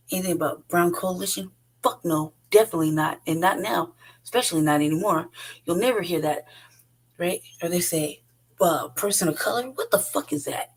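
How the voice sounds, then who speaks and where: A woman's voice: on the low side, rough recording. A woman, hosting her own show and ranting bluntly and profanely, laughing often. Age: 40s. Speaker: podcast host. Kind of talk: unscripted rant.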